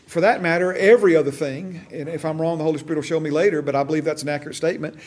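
A man's voice: on the high side, steady tone, rapid-fire. A middle-aged man teaching a church discipleship class, passionate and repetitive, checking in with "okay?". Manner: passionate, repeats and restarts phrases, asks "okay?".

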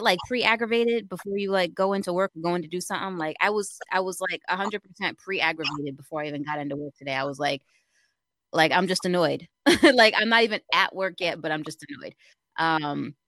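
A woman's voice: fairly low pitch, a bit bright, no room sound, clean studio sound. A young woman co-hosting a radio talk show, chatting casually, laughing often and venting in an exasperated way.

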